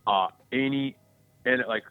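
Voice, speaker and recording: Speaking a little slowly at medium pitch with a clean tone, a man co-hosts a casual podcast. He tells sports stories with profanity and animation, acting out quoted people's voices. The dry, tinny audio resembles a phone and has no room sound.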